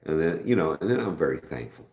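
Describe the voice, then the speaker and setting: A middle-aged man hosting a casual live stream, rambling in a folksy way, greeting viewers by name and speaking softer than usual. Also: a bass voice, sing-song, quick pace, reverberant.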